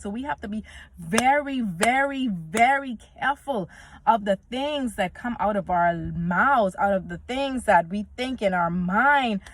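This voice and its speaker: A woman, giving an earnest, faith-filled vlog talk and quoting scripture. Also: fairly high pitch. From Bahamas. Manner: earnest and preachy, quotes scripture, acts out little dialogues. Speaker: vlogger. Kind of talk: casual faith-based talk to camera.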